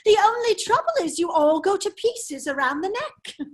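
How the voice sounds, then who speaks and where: A woman's voice: extremely high pitch, lively intonation, normal speed. A woman reading the part of a foppish, giggling English aristocrat at a virtual table read of a radio play, with affected, silly laughter. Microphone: video call.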